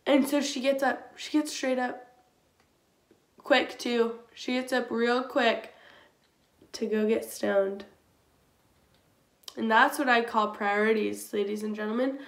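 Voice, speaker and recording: This young adult YouTuber has a fairly high voice with a level tone and a measured pace. She chats through a storytime vlog, constantly saying "like," in a room with noticeable echo.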